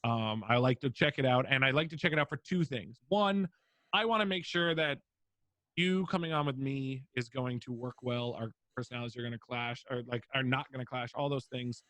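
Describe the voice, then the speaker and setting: A man's voice: medium pitch, fairly quick, pushed and bright, dry recording. A young man, a streamer guest on a podcast interview, talking casually with lots of fillers and free swearing. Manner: rambling, filler-heavy, swears freely.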